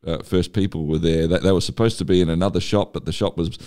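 Deep-voiced male interviewer. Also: fairly even intonation, quick pace, warm tone. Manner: stammering restarts, reflective, probing. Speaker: interviewer host. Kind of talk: interview questions.

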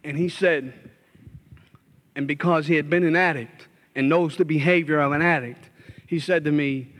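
A man's voice: fairly high pitch, steady tone, normal speed, pauses often. A middle-aged man, a former addict, telling his life story as a passionate testimony sermon. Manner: impassioned storytelling, rising loud when reliving scenes.

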